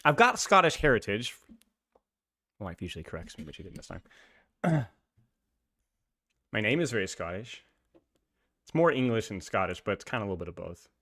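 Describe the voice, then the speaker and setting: Lively chatty male streamer. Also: on the low side, fairly quick, pauses often. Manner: chatty, laughs often, lots of "like" fillers. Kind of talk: casual live-stream chat.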